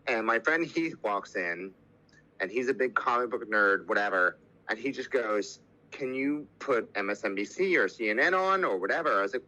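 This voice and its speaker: Bright-voiced man telling a raw story. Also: fairly low pitch, animated, moderate pace, rough recording. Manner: emotional, swearing, quoting others. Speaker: podcast guest. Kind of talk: candid personal story.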